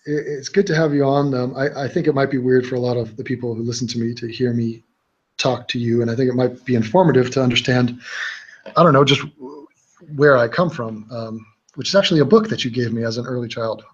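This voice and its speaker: A young man hosts his own livestream, talking bluntly and rambling through fillers and false starts. His voice has a husky edge. The sound is a little dull and lo-fi. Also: medium pitch, steady tone, a little fast. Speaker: livestream host. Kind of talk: casual livestream chat.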